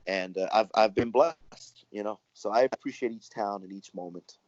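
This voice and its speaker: A man, a wrestler telling stories in a relaxed interview, rambling and acting out what others said. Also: on the low side, normal speed, no echo. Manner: rambling, animated, acts out quoted dialogue. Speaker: professional wrestler and guest. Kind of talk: casual storytelling interview. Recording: dry, muffled lo-fi audio.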